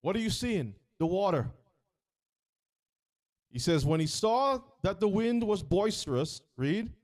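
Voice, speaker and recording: A man's voice: high voice, a little slow. A man leading a scripture reading, stopping often to ask questions and act out the story. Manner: animated, questioning, acts out the story in voices. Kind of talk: interactive sermon.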